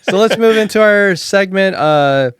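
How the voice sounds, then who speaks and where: He hosts a podcast, swearing casually as he tells stories and animatedly acts out the quotes of the people involved. His voice sits high with a clear, resonant tone, and he keeps a measured pace in a dry, studio-quality recording.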